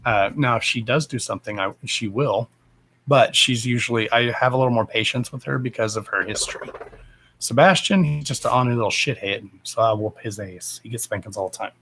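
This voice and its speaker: A man's voice: mid-range voice, fairly quick, fairly bright tone, husky. A man hosting a casual live stream, talking bluntly and with plenty of swearing, and breaking off to speak to his dogs. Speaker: live-stream host and dog owner.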